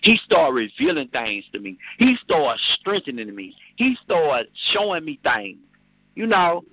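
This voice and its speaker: A man's voice: on the high side, wildly swooping pitch, a little slow, no echo. A man preaching fervently to a phone chat line, repeating and restarting his phrases, heard over a tinny phone connection. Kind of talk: informal preaching testimony.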